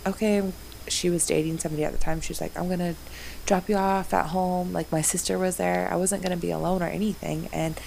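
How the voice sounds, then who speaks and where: A young mother chats casually and tells stories with animation, acting out the voices of others. Her voice is low with a gravelly fry. Faint background noise sits under her. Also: fast talker, rough recording. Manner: animated storyteller, acts out quotes in a higher voice. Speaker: mother of four sharing stories. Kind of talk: casual chat.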